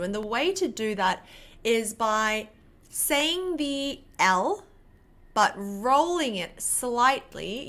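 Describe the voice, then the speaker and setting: Slow, bright-voiced woman teaching pronunciation. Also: on the high side. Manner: demonstrates sounds slowly with louder repeated syllables. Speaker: Korean language teacher. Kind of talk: pronunciation lesson to camera.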